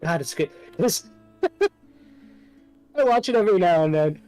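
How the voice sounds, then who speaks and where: A man's voice: sits high, slow, faint music behind, poor audio. Laughing man retelling a cartoon. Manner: laughs often, lively storytelling. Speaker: podcast co-host playing a game. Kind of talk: casual chat over gameplay.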